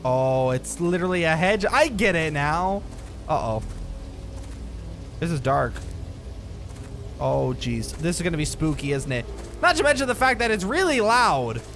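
A man's voice: fairly high pitch, sing-song, a little slow, pauses often, a bit bright, faint music behind. A young man playing a horror game and commenting on it, jumpy and exclaiming, with bursts of nervous laughter. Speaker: gaming YouTuber. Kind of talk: horror let's play commentary.

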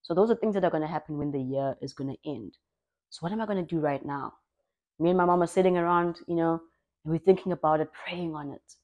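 A young South African woman telling her own story in an expressive, lively way, as a personal vlog. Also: low voice, fast, muffled recording. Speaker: vlogger.

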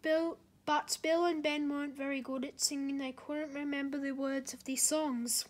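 A woman narrating a children's storybook aloud, halting with slips and restarts. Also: sits high, level tone.

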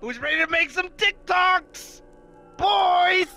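Man playing a sing-song mocking copy of the host, bright and taunting. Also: extremely high pitch, slow, creaky, faint music behind, heavily acted. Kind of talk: gaming banter.

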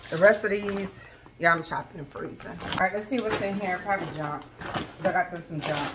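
A woman vlogger, chatting excitedly to her viewers from her home kitchen. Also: on the low side, background noise. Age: adult with school-age children. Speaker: vlogger sharing a grocery haul. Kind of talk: casual chat to camera.

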